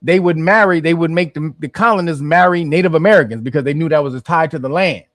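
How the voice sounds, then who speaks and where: A man's voice: on the high side, fast, fairly bright tone, no room sound. A man rambles through casual commentary in a slightly raised voice, stopping to restart his phrases. The sound is close and dry, with no room around him. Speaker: host.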